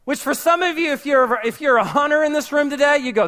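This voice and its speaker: A man's voice: extremely high pitch, expressive, a little fast, bright, forceful tone. A man preaching a sermon, telling a Bible story and acting out its characters' voices. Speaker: pastor.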